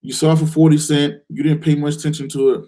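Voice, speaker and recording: Man, live call-in host, slightly high pitch, direct, challenging, rhetorical questions. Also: fast talker. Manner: animated, acts out excited investors in a higher voice. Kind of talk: live call-in Q&A, coaching viewers.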